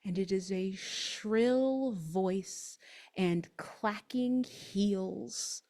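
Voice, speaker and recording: Slow, dramatic woman game master. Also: medium pitch, a little mellow. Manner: slow, dramatic, halting narration. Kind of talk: narrating a tabletop game.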